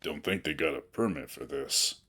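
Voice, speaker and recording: A man's voice: rumbling low, moderate pace, pushed and bright, slightly rough, full character voice. A man voicing a blunt, stone-faced male gila monster who speaks curtly and swears.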